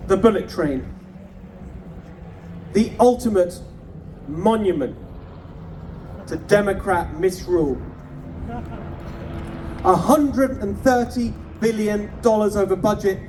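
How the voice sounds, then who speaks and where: A man's voice: sits high, takes it slowly, long pauses, a little mellow, recorded from a distance, a little hiss or hum. A man giving a punchy, mocking campaign rally speech, firing off rhetorical questions at an outdoor rally. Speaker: political candidate.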